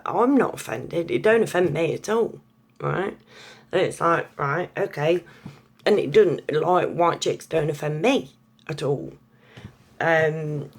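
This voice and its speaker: A woman's voice: sits low, creaky. An English woman in a blunt, sweary, chatty opinion rant to camera. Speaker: vlogger.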